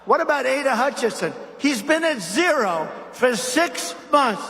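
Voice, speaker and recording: A man's voice: very high-pitched, big pitch swings, measured pace, a bit bright, slight background noise. A man giving a rambling, sarcastic speech at a gala, repeating himself and wandering between points. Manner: sarcastic, digressive, repetitive. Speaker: gala speaker. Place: large banquet hall. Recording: long hall reverb.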